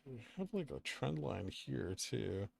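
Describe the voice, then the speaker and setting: A man's voice: medium pitch, sing-song, slow, vocal fry. A man hosting a casual livestream, reading viewer questions aloud and answering them, saying he is getting tired. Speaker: livestream host reading chat.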